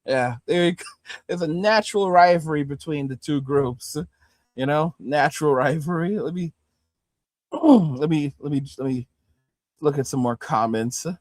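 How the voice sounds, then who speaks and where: A man with a New York accent rants loudly through crude, mocking streamer commentary. His voice sits high for a man. It is recorded close and dry, with no room sound. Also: unhurried, dry recording. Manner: loud, profane and mocking. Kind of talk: profane ranting commentary.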